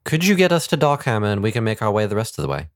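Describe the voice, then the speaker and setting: Lively-voiced man playing a tabletop game. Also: on the low side, racing, no room sound, clean studio sound. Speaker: player.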